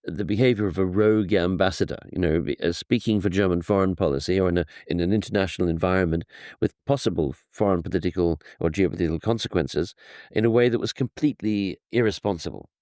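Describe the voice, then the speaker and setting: Deep-voiced historian telling a story. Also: male voice, fast talker, dry recording, clean studio sound. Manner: animated storyteller, restarts sentences. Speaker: historian guest. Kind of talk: conversational explanation.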